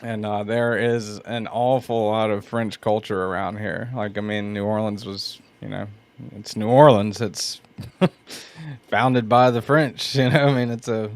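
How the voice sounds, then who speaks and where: A man with a Southern US accent hosting a casual livestream, talking slowly, stopping and restarting often, laughing and reading chat aloud. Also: fairly low pitch, fairly even intonation. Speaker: host sharpening knives on a livestream.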